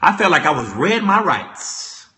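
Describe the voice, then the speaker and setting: A young man telling a comic story as a vlogger, animated and repetitive, stumbling over restarts. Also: high voice, measured pace. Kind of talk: comedic storytelling rant. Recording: echoey room.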